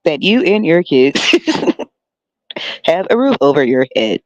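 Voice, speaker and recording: A podcaster putting on a smug, scheming politician who makes empty promises in slow, mock-solemn speechifying. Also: medium pitch, no room sound, rough recording. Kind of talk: comic impression in a podcast rant.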